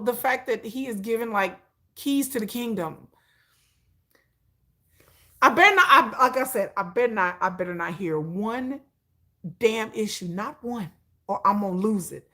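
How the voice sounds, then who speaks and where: A woman hosting a livestream, chatting casually and animatedly with her viewers, often repeating herself for emphasis. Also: medium pitch. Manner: animated, repetitive, talks straight to viewers. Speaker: livestream host.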